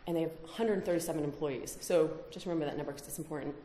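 Low-voiced woman giving a conference talk. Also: rapid-fire, mellow, reverberant, a little hiss or hum. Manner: emphatic, rhetorical questions. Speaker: conference speaker. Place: conference hall.

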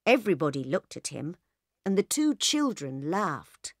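Slow, clear woman audiobook narrator. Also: lowish voice, very animated, no room sound, studio quality. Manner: slow, clear reading for learners. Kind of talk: scripted narration of a graded reader.

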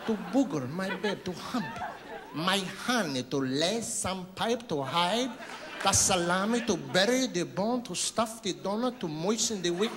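A male stand-up comedian with a high voice performs a routine on a hand mic, onstage in a concert hall. His mock-sincere, fake-tender delivery is animated and a little slow, building into outraged lists, while a loud crowd fills this live club-style recording.

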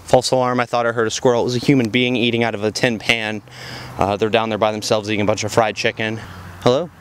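A man playing a news reporter in a comedy sketch outdoors, talking in a deadpan, rambling way. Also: on the low side, fast, background noise.

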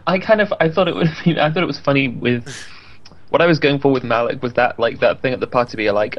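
A man's voice: medium pitch, fast talker, lo-fi sound. A man chatting casually about a game, hesitant with many fillers and laughs. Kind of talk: casual group chat after a game.

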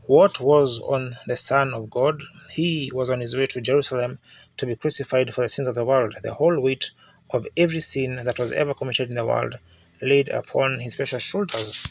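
A man's voice: mid-range voice, steady tone, normal speed, creaky, no room sound. A man preaching a sermon in fervent storytelling style, building to emphatic outbursts. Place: church meeting.

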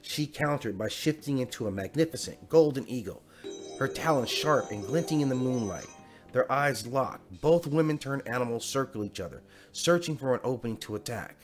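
A man's voice: mid-range voice, animated, moderate pace, soft background music. A man narrating a fan fiction bedtime story in a dramatic storytelling manner.

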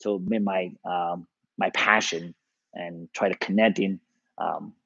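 A man's voice: low-pitched, steady tone, slow pace, creaky, pushed and bright, breathy edge, no room sound, lo-fi sound. A man with a Chinese accent, a tai chi teacher casually telling a story to his live-streamed class, with many fillers and easy laughs.

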